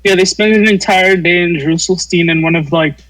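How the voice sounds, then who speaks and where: A man co-hosting a casual tabletop gaming podcast, talking haltingly with many fillers and casual swearing. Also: high voice, a crowd in the background, low-quality recording. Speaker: podcast co-host. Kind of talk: casual chat among friends.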